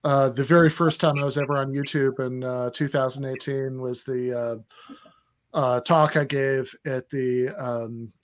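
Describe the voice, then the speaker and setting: A man co-hosting a casual podcast, telling long stories in a rambling, hesitant way with many pauses. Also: mid-range voice, steady tone. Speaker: podcast co-host.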